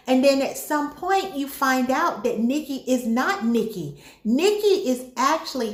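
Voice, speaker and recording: Animated, high-voiced woman reviewing a movie. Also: roomy sound. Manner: animated storytelling, talks straight to viewers. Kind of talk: casual chat.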